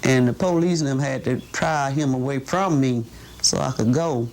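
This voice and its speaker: A woman's voice: rumbling low, moderate pace, a little mellow. A woman, a mother, recalling a visit to her jailed son. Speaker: mother of a defendant. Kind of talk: interview recollection.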